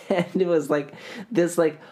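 A man's voice: fairly high pitch, fairly even intonation, slow pace, a little mellow. A man in his thirties telling a story in casual chat, rambling and poking fun at himself. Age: 30s. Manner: rambling, self-mocking, laughs often.

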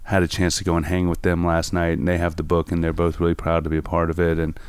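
Smooth low-voiced man telling stories. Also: monotone, fast, no echo. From New York. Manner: rambling anecdotes with many fillers. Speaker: photographer guest. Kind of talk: casual storytelling interview.

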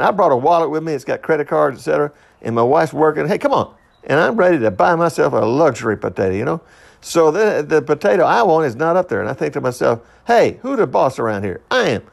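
A middle-aged man hosting a solo podcast, rambling with many fillers and restarts, swinging between loud high bursts and quiet low asides. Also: animated, fast talker, gravelly. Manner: rambling, with frequent fillers and self-interruptions. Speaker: podcast host.

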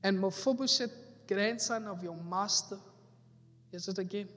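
High-voiced preacher in a hall. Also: male voice, moderate pace, long pauses, fairly bright tone. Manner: emphatic preaching, repeating phrases for effect. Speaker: pastor. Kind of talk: sermon. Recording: echoey hall with faint music.

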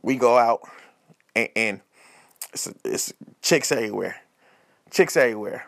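A man hosting a podcast, giving casual comedic advice in an animated, repetitive, slangy way. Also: mid-range voice, unhurried, creaky. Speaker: podcast host.

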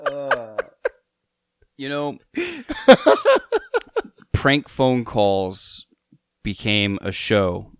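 A man's voice: mid-range voice, huge pitch swings, extremely slow, long pauses, no room sound, studio quality. A man co-hosting a casual podcast with wry, laid-back remarks.

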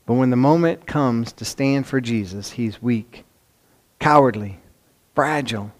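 Chicago-accented preacher swinging loud to hushed. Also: male voice, medium pitch, unhurried. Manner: dramatic swings between loud emphasis and hushed near-whispers; conversational asides, rhetorical questions. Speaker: pastor. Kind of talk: sermon.

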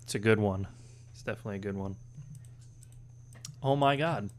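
A man's voice: fairly low pitch, moderate pace. A man co-hosting a gaming podcast, joking loosely and swearing casually as he chats. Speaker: podcast co-host.

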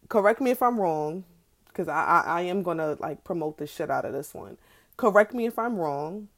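A woman's voice: lowish voice, lively intonation, moderate pace. A young woman, ranting candidly and with plenty of profanity about her own experiences in a casual vlog. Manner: candid, profane, exasperated storytelling with slangy asides. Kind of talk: casual personal vlog rant.

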